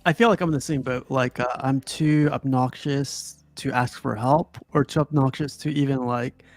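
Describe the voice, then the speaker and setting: A man's voice: mid-range voice, fairly even intonation, moderate pace, no room sound. A man hosting a casual movie review chat, talking loosely with lots of fillers. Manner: loose, filler-heavy talk. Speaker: podcast host.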